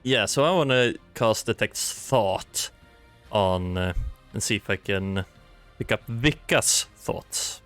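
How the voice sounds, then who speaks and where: A man playing a tabletop game, planning his moves in a deliberate, hesitant way. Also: fairly low pitch, animated, fairly bright tone, faint music behind. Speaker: player.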